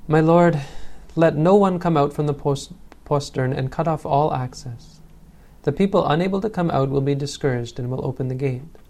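A man voicing a greedy older male Brahmin teacher who blusters and pleads loudly. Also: a little high, moderate pace, vocal fry. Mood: scheming.

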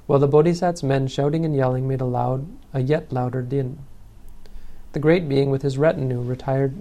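A man reading an old legend aloud as a storyteller, in a measured, solemn way. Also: mid-range voice, mellow.

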